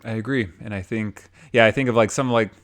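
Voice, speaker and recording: A man's voice: fairly low pitch, steady tone, quick pace, fairly bright tone. A man hosting a casual podcast, chatty and full of filler words, often laughing. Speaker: podcast host. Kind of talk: casual chat.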